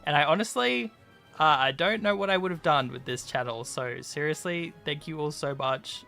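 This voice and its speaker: A man's voice: a little high, normal speed, vocal fry, sharp tone, soft background music. A young man, a YouTuber, giving casual scripted narration over a video game, chatty and full of "like" and "you know".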